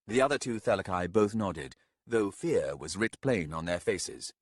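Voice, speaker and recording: Man, audiobook narrator, low, husky, lively intonation, dry close studio sound. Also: no room sound. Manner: measured, expressive. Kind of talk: scripted narration. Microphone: close studio mic.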